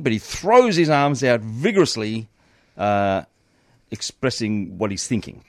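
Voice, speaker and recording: A man co-hosting a relaxed sports talk show. He sets out scenarios in a halting way, full of ums and uhs, with a slightly low voice. The sound is dry and close. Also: no echo. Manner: quizzing, hesitant with many ums. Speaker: co-host. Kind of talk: casual sports chat.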